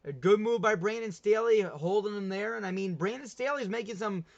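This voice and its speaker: A man's voice: high voice, fairly quick. A young man hosting a casual sports talk livestream, chatty and rambling, often laughing at himself. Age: young adult. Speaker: livestream host. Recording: dull lo-fi stream audio.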